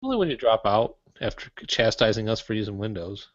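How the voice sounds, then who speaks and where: Sing-song and fairly quick, a lowish-voiced man co-hosts a tech podcast, joking around and reading listener email somewhat clumsily. The podcast audio is dull, lo-fi and dry, with no room sound.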